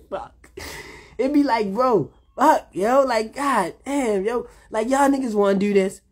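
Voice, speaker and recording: A man's voice: very high voice, takes it slowly, pauses often. A man, rambling in a laid-back, casual monologue, often saying "you know what I'm saying". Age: 30s.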